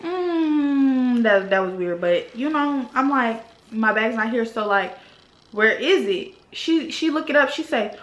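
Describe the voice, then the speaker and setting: Young woman vlogger, slightly high voice, slangy and exasperated storytime, echoey room. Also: lively intonation, unhurried, muffled recording. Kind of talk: storytime vlog. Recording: roomy echo.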